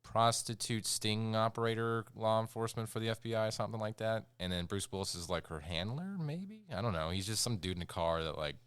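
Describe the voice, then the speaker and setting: A man with a very low, smooth, resonant voice reviews a film on a podcast, rambling and sarcastic as he acts out scenes. The sound is dry and close. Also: a little fast, hardly any pauses, fairly bright tone, no echo. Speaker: podcast co-host. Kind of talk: casual movie review chat.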